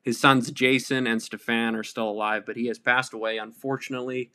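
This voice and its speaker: Bright-voiced irreverent male podcaster. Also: mid-range voice, level tone, a little fast. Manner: irreverent, profane, rambling with many fillers. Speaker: podcast host. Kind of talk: casual solo podcast monologue.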